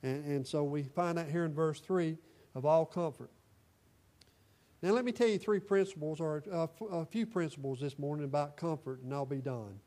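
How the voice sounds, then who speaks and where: A man preaching a sermon to his congregation, repeating phrases for emphasis and swinging between soft asides and loud declarations. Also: fairly high pitch, moderate pace. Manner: folksy, repeats phrases for emphasis, rises and falls in volume. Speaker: pastor. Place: church.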